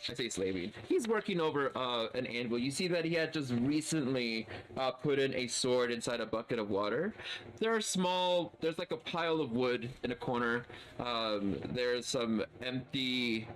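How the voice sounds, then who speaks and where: A man's voice: mid-range voice, normal speed. A man narrating a tabletop role-playing game as game master, describing scenes casually with many fillers.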